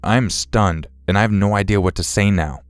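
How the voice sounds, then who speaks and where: Deep-voiced male horror story narrator. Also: moderate pace, clear, resonant tone, no room sound, faint music behind.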